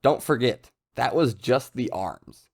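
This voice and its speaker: A man's voice: medium pitch, expressive, slow, gravelly, exaggerated voice. A man voicing a stern military captain, giving a grave warning in a plain voice close to his own.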